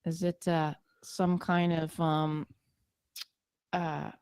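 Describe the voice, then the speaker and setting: A Canadian woman co-host banters in casual chat, asking quizzical questions in a slightly low voice. The sound is dry and close. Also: little pitch movement, extremely slow, darkish tone, clean tone, no room sound.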